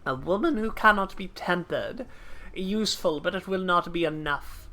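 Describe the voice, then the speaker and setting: A woman's voice: lowish voice, moderate pace, a bit bright, natural voice. Woman reading as a grizzled stern mercenary captain.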